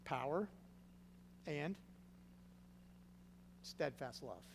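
Man, pastor, sermon, higher-pitched voice, loud emphasis then hushed drops, long reverb, faint hum. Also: lively intonation, drawn-out words, creaky. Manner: swings from loud emphatic stresses to hushed low phrases.

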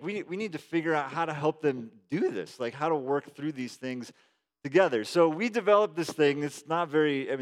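Preaching a sermon, a male pastor in his thirties with a slightly high voice sounds conversational and animated, shifting between quiet prayer and lively storytelling.

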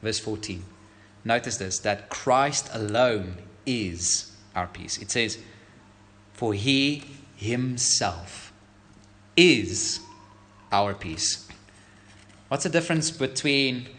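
A man's voice: medium pitch, a bit bright. A man preaching a sermon as a pastor, emphatic, asking the congregation rhetorical questions.

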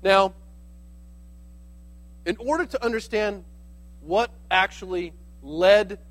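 A man's voice: high-pitched, slow pace, low-quality recording. A man preaching a sermon as pastor, in a conversational, explaining manner with casual asides.

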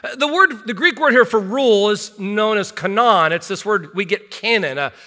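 Middle-aged male pastor delivering a sermon, high and bright, earnest with wry asides. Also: expressive, moderate pace. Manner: earnest, rhetorical questions, self-deprecating asides. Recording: long hall reverb.

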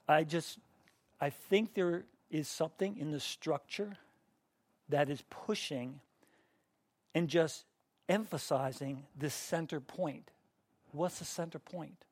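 Gravelly-voiced middle-aged man teaching a class. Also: on the high side, takes it slowly, pauses often, no room sound. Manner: conversational, questions the class, frequent restarts. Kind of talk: interactive Bible teaching.

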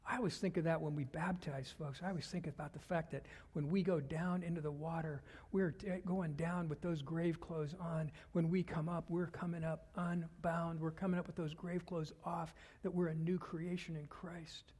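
A man preaching a sermon as a pastor, earnest, dropping to hushed whispers and rising to loud fervor. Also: on the high side, level tone, moderate pace, few pauses, breathy edge. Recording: long hall reverb.

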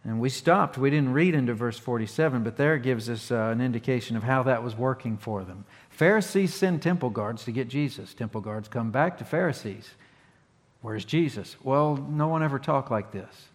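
A man's voice: mid-range voice, brisk, few pauses. Folksy preacher man in a reverberant hall. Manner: folksy, plainspoken, restarts often, animated emphasis. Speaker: pastor. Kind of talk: conversational sermon.

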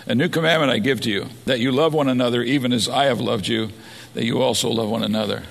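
A man's voice: mid-range voice, fairly even intonation, fast, vocal fry. A man preaching a sermon as a pastor, earnest and building to emphatic points. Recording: long hall reverb.

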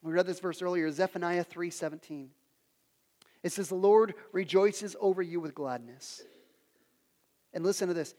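A man in his thirties preaching a sermon, earnest, who repeats phrases and goes soft for prayers. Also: high-pitched, normal speed, long pauses. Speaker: pastor. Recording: long hall reverb with soft music behind.

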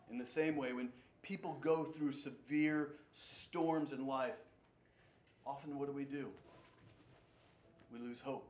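A man preaching a sermon as pastor, swinging between loud urgent passages and quiet low ones. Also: steady tone, unhurried, echoey room.

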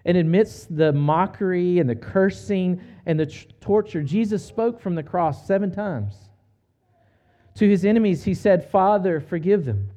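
A man preaching a sermon, retelling a story in an earnest, measured way with slow, emphatic pauses. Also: high voice, warm tone. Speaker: pastor.

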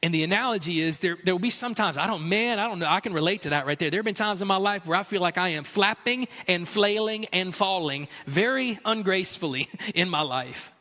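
A man with a high, bright voice preaches a sermon, talking to the congregation like he would to friends and getting animated as he tells stories. His voice rings out with a long hall reverb, and soft music sits underneath. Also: a little fast, few pauses. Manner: conversational, builds to animated storytelling with a raised, excited voice. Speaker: pastor.

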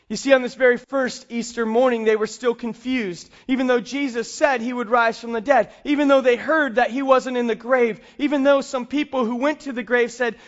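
Male preacher, very high pitch, animated storyteller, slightly muffled recording. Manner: animated storyteller, acts out dialogue. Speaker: pastor. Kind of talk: sermon with storytelling.

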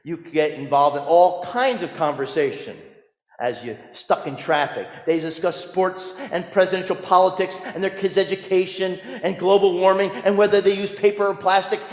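Guy preaching a sermon, slightly high voice, big echoey church hall, goes soft then punchy. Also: normal speed. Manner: storytelling preacher, swings from hushed asides to emphatic lines. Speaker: pastor.

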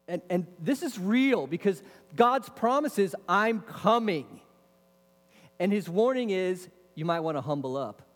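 High-voiced preacher in a reverberant hall. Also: male voice, moderate pace. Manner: lively preaching with rhetorical questions and casual asides. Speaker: pastor. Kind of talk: sermon. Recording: long reverb of a large hall.

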